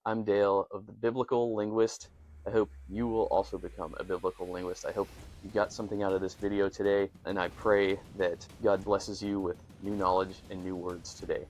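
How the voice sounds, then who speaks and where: A man's voice: deep voice, little pitch movement, brisk, darkish tone. A man hosting a casual language lesson, reading old Greek aloud and working out the translation while thinking aloud in an earnest way. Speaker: host teaching Koine Greek.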